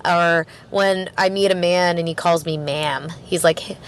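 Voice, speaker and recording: A woman's voice: fairly low pitch, steady tone, measured pace, a little hiss or hum. A woman from Canada, a podcast guest, talking in a rambling, chatty way with plenty of fillers and laughter. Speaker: podcast guest, record store worker. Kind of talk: casual interview chat.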